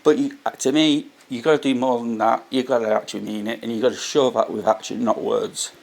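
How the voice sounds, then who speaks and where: A man with a voice of ordinary pitch speaks earnestly and unscripted about faith. He circles back to his main points and often restarts his sentences as he talks. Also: steady tone, a little fast, gravelly. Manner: earnest, repeats key points, frequent restarts. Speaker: vlogger sharing faith reflections. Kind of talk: casual spoken reflection to camera.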